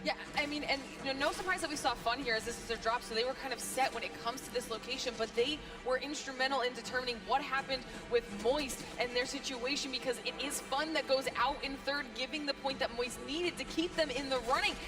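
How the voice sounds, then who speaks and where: A woman's voice: sits high, fast, few pauses, distant mic, music in the background. A woman analysing an esports tournament in a conversational breakdown style.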